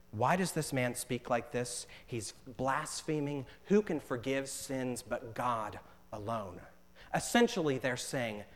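A man preaching a sermon as pastor, earnest, slowing down to stress scripture lines. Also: mid-range voice.

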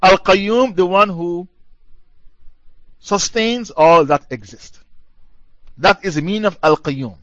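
A man's voice: sits high, slow, long pauses, a bit bright, dry recording. A male preacher giving a religious lecture in a combative, mocking way, repeating his points for emphasis. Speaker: Islamic preacher. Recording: dull lo-fi dry recording.

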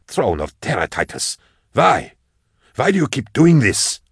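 A man voicing an exasperated male inquisitor in an audiobook, pleading with a deluded old colleague, lifting his voice above his usual low register. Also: wildly swooping pitch, measured pace, slightly rough, no room sound, clean studio sound, exaggerated voice. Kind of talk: audiobook character voice.

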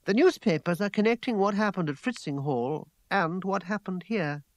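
A man reading aloud gives a passionate, imperious young woman a higher, louder, emphatic voice. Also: normal speed, dry recording, close to an everyday voice. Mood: challenging.

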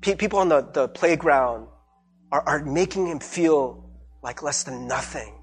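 A man's voice: a little high, measured pace, faint music behind. A male pastor giving a conversational sermon, acting out bits of everyday dialogue and checking in with "right?". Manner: animated, acts out everyday dialogue with repeated "right?".

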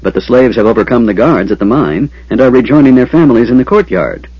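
A man voicing a wary reptilian soldier captain in an audiobook, speaking quickly in a raised, urgent voice. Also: mid-range voice, animated, breathy edge, dry recording. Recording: dull lo-fi.

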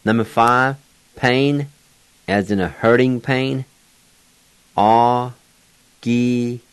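A man teaching words in a slow, deliberate lesson, spelling them out letter by letter. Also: medium pitch, fairly bright tone, clear, resonant tone, dry recording. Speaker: language teacher.

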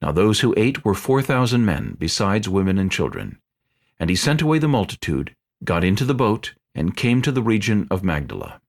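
A man narrating scripture in a clear, steady reading voice. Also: lowish voice, normal speed.

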